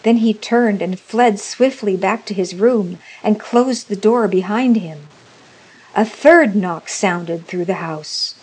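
Slow, breathy woman reading a story. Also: mid-range voice, darkish tone, low-quality recording. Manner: measured, deliberate storytelling. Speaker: narrator.

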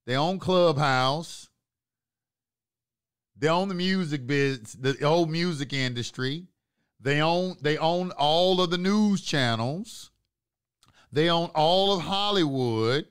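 A man's voice: fairly high pitch, a bit bright. Emphatic man preaching to his viewers. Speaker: host of an online talk channel. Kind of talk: live-streamed monologue to viewers.

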